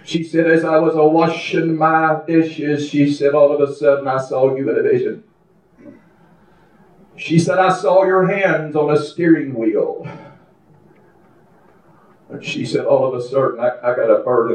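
An older man preaching a fervent testimony sermon in a church, building to shouting. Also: fairly high pitch, fairly even intonation, unhurried, long pauses. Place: church sanctuary. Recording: echoey, distant, dull church recording.

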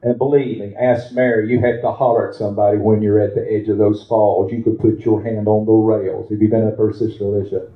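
A man's voice: fairly low pitch, level tone, a little fast, few pauses. A man preaching a sermon in a church, telling folksy stories and turning them into fervent exhortation. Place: church sanctuary. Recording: roomy, dull lo-fi church recording.

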